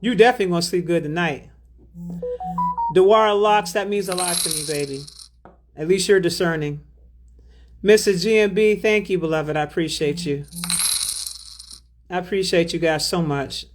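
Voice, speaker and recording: Woman, livestream host, spiritual healer; relaxed drawl, affectionate, reads chat aloud. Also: on the low side, normal speed, long pauses, noisy background. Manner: drawling, affectionate, calls viewers baby and beloved. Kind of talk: livestream chat, reading out viewer donations.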